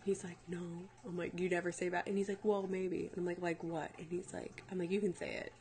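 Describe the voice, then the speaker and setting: A young woman co-hosting a casual chat, telling animated stories and acting out the quotes. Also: on the low side, fast. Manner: animated storytelling, acts out quotes. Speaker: co-host.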